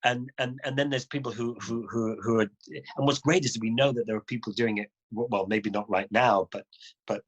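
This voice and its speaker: A man's voice: mid-range voice, fairly even intonation, a little fast, dull audio. A middle-aged man, a guest adventure motorcyclist, telling stories in a casual way and acting out other people's lines. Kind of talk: casual conversational storytelling.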